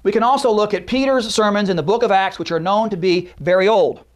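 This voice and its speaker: A man with a high voice gives an explanatory lecture on scripture. He talks in a teaching manner, stresses key words and lists verse references. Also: brisk. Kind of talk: apologetics lecture.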